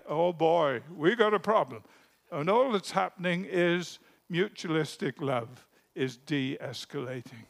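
A male preacher with a gravelly, slightly higher-than-average voice, speaking slowly and deliberately. He tells stories in his sermon, dropping to a hush and then lifting his voice for emphasis. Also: expressive. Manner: storytelling, drops to a hush for anecdotes then rises with emphasis.

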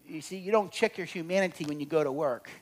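A middle-aged man speaking to an audience about relationships, telling humorous stories and swinging between loud and quiet. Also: on the high side, fast. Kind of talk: humorous storytelling talk to an audience.

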